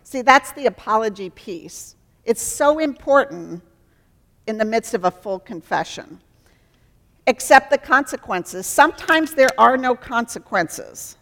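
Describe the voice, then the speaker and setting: A woman's voice: mid-range voice, a bit bright. Woman preaching in a reverberant hall. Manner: earnest teaching, acts out dialogues. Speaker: Christian speaker and counselor. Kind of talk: sermon.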